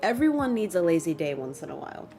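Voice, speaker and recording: A young woman with a fairly low voice chats casually to her stream, expressive and self-mocking, slipping Spanish phrases in between her English. Soft music plays faintly behind her. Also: fast talker. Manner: self-mocking, dramatic complaints. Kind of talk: casual livestream chat with viewers. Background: faint background music.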